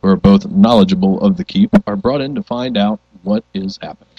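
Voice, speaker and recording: A man with a husky voice that moves a lot in pitch talks over a dull, muffled mic. He reads a short synopsis, then explains himself haltingly with many ums. His tone is casual and unhurried. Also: very animated. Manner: hesitant, filler-heavy, trails off. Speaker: podcast co-host, the Professor. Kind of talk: casual movie discussion.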